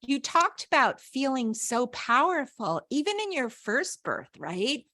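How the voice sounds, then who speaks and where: Slow-talking, tearful, gushing woman host. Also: high voice, very animated, bright, forceful tone, no room sound. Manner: gushing, effusive, emotional. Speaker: podcast host. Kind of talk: interview podcast.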